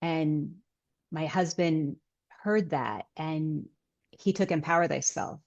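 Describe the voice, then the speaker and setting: A woman's voice: sits low, takes it slowly, muffled recording. A middle-aged woman, a guest author, telling stories earnestly in a casual interview.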